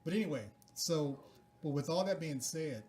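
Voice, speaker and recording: A man's voice: a little high, normal speed, a little mellow, slight background noise. A man in his fifties, a network producer, explaining in a businesslike way with a slightly rusty voice. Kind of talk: casual chat.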